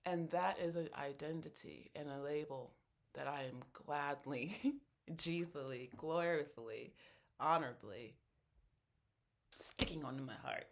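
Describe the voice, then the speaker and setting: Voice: medium pitch, a little slow, creaky. A video creator talking through a personal experience in a casual, reflective monologue, rambling and earnest, with many fillers and self-corrections. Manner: earnest and openly emotional.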